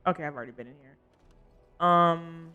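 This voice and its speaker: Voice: mid-range voice, moderate pace, bright, forceful tone, smooth, highs cut off, soft background music. A young adult streamer talking through a gameplay session in a loose, chatty way. They drift from topic to topic, laugh easily and stop to answer chat. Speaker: livestreamer. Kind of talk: casual gameplay commentary.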